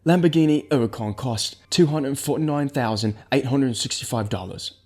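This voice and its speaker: A man's voice: medium pitch, moderate pace, darkish tone, faint music behind, lightly acted. A man voicing a smug CEO in a put-on British accent, delivering it pompously. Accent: attempted British.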